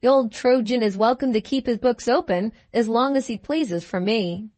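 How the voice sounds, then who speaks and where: A woman's voice: a little high, normal speed, darkish tone, no echo, lightly acted. A woman voicing a bluff, hearty young husband in a storybook, jovial and teasing. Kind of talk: storybook dialogue.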